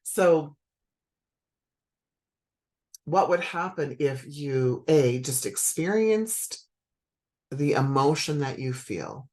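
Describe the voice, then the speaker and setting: A woman's voice: a bass voice, expressive, slow pace, a little mellow. Chatty woman spiritual coach. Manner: conversational, many fillers and self-corrections. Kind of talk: reflective talk to an audience.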